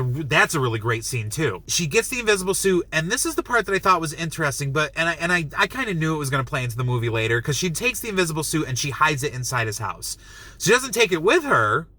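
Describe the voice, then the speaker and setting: Male movie reviewer, chatty plot recap, bright tone, breaks into excited outbursts. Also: fairly high pitch, dry recording. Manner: excitable, acts out quotes, many likes and restarts. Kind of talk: casual spoilery plot recap.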